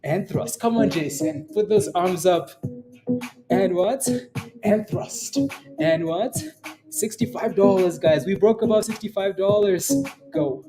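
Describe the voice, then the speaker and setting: Excitable trading-stream host cheering a stock. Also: mid-range voice. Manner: excitable cheering, repeating exclamations; laughs often while reading chat. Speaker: day-trading livestream host. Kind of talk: live stock market commentary and chat.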